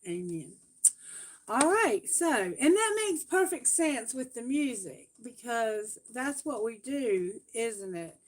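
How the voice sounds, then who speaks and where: Slow-talking woman doing a tarot livestream. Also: on the high side, animated, rough recording. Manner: chatty, self-correcting, reads lyrics and prayers aloud. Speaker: tarot reader. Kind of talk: live-streamed tarot reading. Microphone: phone.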